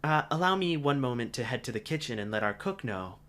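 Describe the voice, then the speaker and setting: A man's voice: medium pitch, expressive, quick pace, a bit bright, close to an everyday voice. A man voicing a cheerful young female android desk clerk in a raised, friendly voice.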